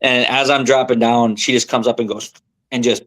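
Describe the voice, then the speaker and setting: A young man, a tournament angler, telling a story as a podcast guest in a rambling, animated way with many fillers and restarts. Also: medium pitch, moderate pace. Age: young adult. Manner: animated, rambling, lots of fillers and self-corrections.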